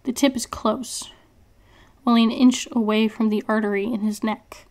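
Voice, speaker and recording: A woman author reading her own novel aloud in an expressive first-person narration. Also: on the high side, normal speed.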